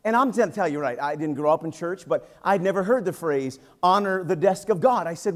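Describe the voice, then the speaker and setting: A man in his fifties, a pastor preaching a sermon in a church, telling jokes and stories with lively, animated energy. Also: high voice, brisk, hardly any pauses. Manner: energetic, joking, animated storytelling. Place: church sanctuary.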